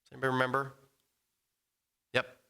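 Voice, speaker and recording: Guy leading a bible study, sharp bright voice, chatty, keeps asking the class questions. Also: mid-range voice, completely flat delivery, brisk, gravelly, clear, resonant tone. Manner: conversational, quizzes the group. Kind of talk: casual Bible lesson. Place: church meeting room.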